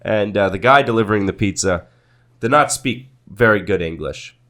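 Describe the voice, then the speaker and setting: A man's voice: on the low side, expressive, normal speed. A young man co-hosting a podcast, chatting casually with rambling, jokey storytelling. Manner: rambling, jokey, laughs loudly. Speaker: podcast co-host. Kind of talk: casual chat.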